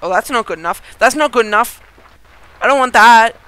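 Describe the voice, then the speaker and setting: A gaming video host giving excited let's-play commentary, chatty with viewers, giggling and yelping at surprises. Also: medium pitch, brisk, very noisy. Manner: chatty, talks straight to viewers.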